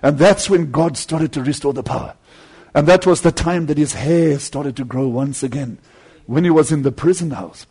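Male preacher, high voice, husky, fervent sermon delivery, loud climbs and low asides. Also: normal speed.

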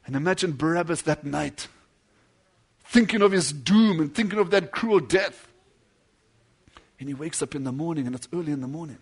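A man preaching a sermon, telling a story with dramatic swings between loud declamation and hushed low passages, acting out the lines of the people in it. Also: lively intonation, normal speed, pauses often, breathy edge. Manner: acts out quoted dialogue within the story.

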